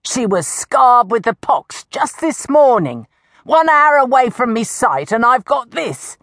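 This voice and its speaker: A woman voicing a crude, indignant old village woman who shouts accusations in a coarse, shrill voice. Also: big pitch swings, measured pace, no room sound, studio quality, full character voice. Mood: accusing.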